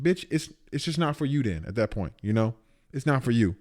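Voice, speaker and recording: A man's voice: mid-range voice, fairly quick, a little mellow. A man streaming live, reacting to a video with blunt, profane, emphatic casual commentary.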